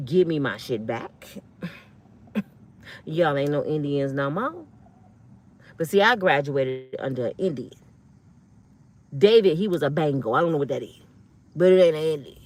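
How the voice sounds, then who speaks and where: A woman's voice: sits low, slight background noise. A woman in her fifties, an online commentator, delivering a blunt, fiery, profane rant full of slang. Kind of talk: ranting monologue.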